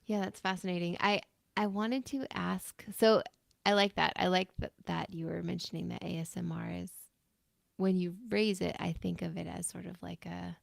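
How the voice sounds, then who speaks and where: A woman hosting a livestream, her fairly low voice heavy with gravelly fry. She asks her questions in a halting, thoughtful way, and the sound is dry and close. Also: steady tone, dry recording. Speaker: livestream host. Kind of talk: livestream interview conversation.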